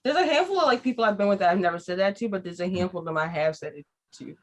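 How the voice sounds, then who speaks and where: Quick blunt woman on a podcast, casual and laughing, rattles it off. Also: fairly low pitch, lively intonation. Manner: candid, laughs often, blunt. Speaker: podcast co-host. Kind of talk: casual group chat.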